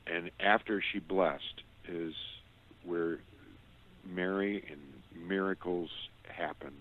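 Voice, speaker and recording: A man's voice: low voice, fairly even intonation, takes it slowly, slight background noise. A middle-aged man guest telling a personal testimony, earnest and often stumbling over repeated words. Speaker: radio show guest. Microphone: phone. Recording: tinny phone line.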